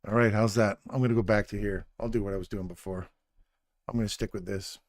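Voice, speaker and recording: A man's voice: lowish voice, steady tone, fast. A middle-aged man hosting a live stream, chatting casually in a jokey, rambling, self-deprecating way. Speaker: livestream host.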